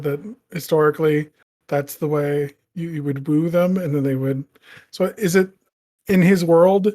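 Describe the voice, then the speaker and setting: Slightly high-voiced man posing questions. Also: a little mellow. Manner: questioning, thinks aloud with many "like"s. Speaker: podcast co-host. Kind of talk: casual podcast discussion.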